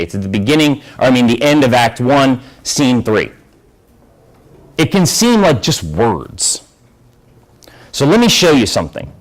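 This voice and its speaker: A man's voice: mid-range voice, poor audio. A man teaching an English class, explaining and asking students questions. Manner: lively, asks the class questions. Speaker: high school English teacher.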